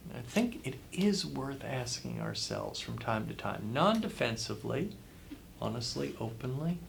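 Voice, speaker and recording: With a medium-pitched, creaky voice, a man interviewed as a guest author gives motivational advice in an emphatic way. He repeats phrases for effect, and a little hiss or hum can be heard.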